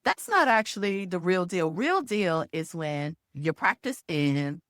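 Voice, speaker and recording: A woman's voice: fairly low pitch, measured pace, no room sound, studio quality. A middle-aged woman telling a personal story to camera, acting out sounds and voices as she goes. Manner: expressive storyteller who acts out sounds and voices. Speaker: video host and former HR executive.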